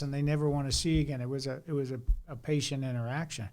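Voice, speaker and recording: A man's voice: medium pitch, fairly even intonation, rapid-fire, darkish tone. A middle-aged man, a former fire chief, telling workplace stories in casual podcast talk and acting out both sides of the conversations.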